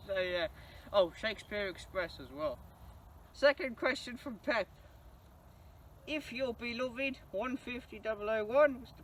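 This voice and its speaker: A young man, speaking in a very high, bright voice. He chats enthusiastically and laughs often. The mic sits some distance away, with a faint hum of noise behind him. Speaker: channel host answering viewer questions. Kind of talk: casual Q&A monologue.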